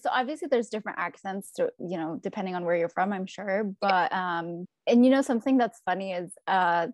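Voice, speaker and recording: A woman's voice: medium pitch, a little fast, no room sound. Brief: friendly American woman from California, video-call chat, dry close sound, filler-heavy. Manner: friendly, curious, many fillers.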